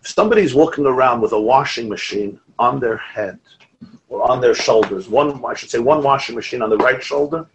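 A man teaching a Torah class as a rabbi, lively, quoting Hebrew texts and telling stories. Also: on the high side, creaky, low-quality recording. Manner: animated, quotes Hebrew and Aramaic texts, asides and restarts.

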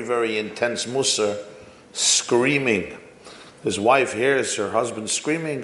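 A man preaching to educators, telling anecdotes in a lively storytelling manner. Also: mid-range voice, roomy sound, a little hiss or hum. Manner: storytelling, varied pace. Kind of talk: sermon with anecdotes.

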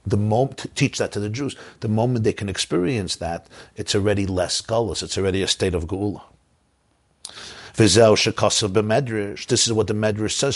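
A man teaching a Torah sermon, reading passages with a pronunciation and speaking intensely, swinging between loud emphasis and hushed asides. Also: on the low side. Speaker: rabbi. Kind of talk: Torah sermon with guided meditation.

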